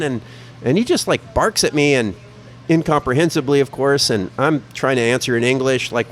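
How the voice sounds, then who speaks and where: A man telling a travel story in a casual podcast chat, animated and profane, with lots of "like" fillers. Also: a little high, normal speed, a little hiss or hum.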